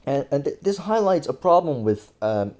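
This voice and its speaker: A man's voice: on the high side, very animated, moderate pace, darkish tone. A man from Thailand giving casual, profane, exasperated commentary full of fillers and restarts. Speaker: political commentator. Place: indoors over screen recording.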